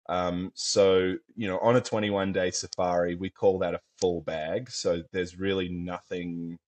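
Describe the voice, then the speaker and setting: A man from Australia with an Australian accent, a professional hunter talking in a thoughtful, rambling way, full of fillers, as a podcast guest. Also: low-pitched. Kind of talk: casual conversation.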